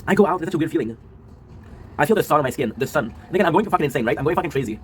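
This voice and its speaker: A man in his twenties, a streamer and video creator, talking in a casual confessional monologue. He sounds low and worn out, rambling, tagging lines with a question and swearing often. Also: lively intonation, very fast, slight background noise, low-quality recording. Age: 20s.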